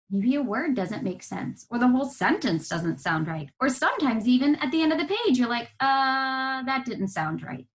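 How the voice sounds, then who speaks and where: The recording is rough and her voice fairly high as she teaches first graders to read on TV. Patient and encouraging, she talks slowly and lively to the young children, breaking words down into their sounds.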